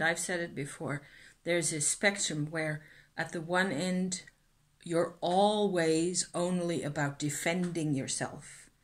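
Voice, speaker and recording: A woman's voice: medium pitch, fairly bright tone. A middle-aged woman vlogging reflectively about her feelings, hesitant and earnest, often trailing off and restarting. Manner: earnest, self-examining. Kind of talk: reflective personal vlog.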